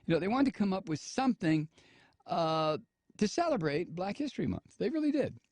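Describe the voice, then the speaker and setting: A man's voice: high-pitched, very animated, fairly quick, a little mellow, no echo. An older man hosting a talk show, giving casual sarcastic commentary with laughing asides and frequent restarts.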